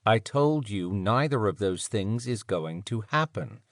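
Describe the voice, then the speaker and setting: A man voicing a smooth-voiced, mysterious male captor who speaks with calm condescension. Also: lowish voice, no room sound, studio quality. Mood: cold. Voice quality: smooth, hushed. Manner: measured, condescending.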